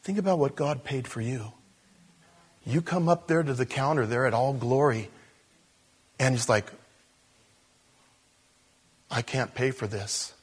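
A man preaching a sermon, shifting between soft hushed moments and loud, animated storytelling. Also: mid-range voice, moderate pace, pauses often, breathy edge. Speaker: pastor.

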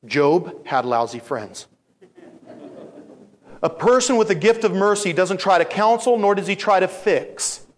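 Animated storytelling male preacher, slightly high. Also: measured pace. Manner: animated storytelling, acts out voices, repeats phrases for emphasis. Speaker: pastor. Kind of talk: sermon.

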